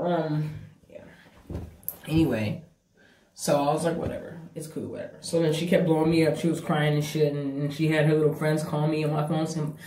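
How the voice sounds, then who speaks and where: A woman's voice: deep voice, far from the mic. A woman telling a breakup story to camera, casual, blunt and full of swearing. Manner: profane, blunt, animated storytelling. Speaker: vlogger. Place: bathroom. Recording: echoey bathroom from off-mic.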